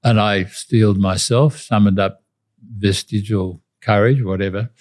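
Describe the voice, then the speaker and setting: An older Australian man, a retired diplomat, recounting anecdotes in an interview in a measured way with restarts. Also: fairly low pitch, steady tone, a little mellow. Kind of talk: interview storytelling.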